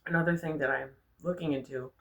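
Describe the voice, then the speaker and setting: A young adult woman with a notably low, deep voice talks straight to camera. Her storytelling is candid and animated, full of casual profanity. It sounds like an unscripted personal vlog. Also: fast talker, gravelly. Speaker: vlogger.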